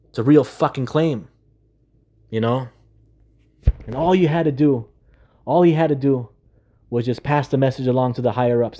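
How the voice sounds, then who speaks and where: A man's voice: mid-range voice, normal speed, pauses often, dark tone. A man delivering an aggrieved, exasperated rant to camera, swearing often and hammering the same rhetorical questions. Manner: profane, repetitive rhetorical questions. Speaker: gaming video creator. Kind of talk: ranting monologue to camera.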